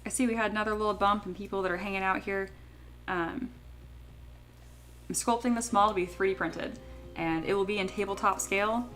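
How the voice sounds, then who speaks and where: A woman's voice: medium pitch, a bit bright. A young woman from California chatting casually while she works on a livestream, rambling and laughing often. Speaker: 3D sculptor streaming her work.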